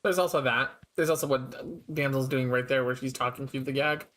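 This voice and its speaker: A man's voice: medium pitch, a little fast. A man streaming a farming game with a friend, talking casually with frequent laughs and restarts. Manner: relaxed, laughs often, trailing restarts. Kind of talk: casual co-op gameplay chat.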